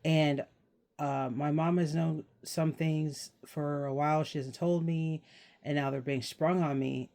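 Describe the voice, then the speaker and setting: A man's voice: a little high, steady tone, unhurried, vocal fry, darkish tone. A young man talking casually to his viewers as the channel host, rambling and laughing as he explains things. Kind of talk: casual vlog chat.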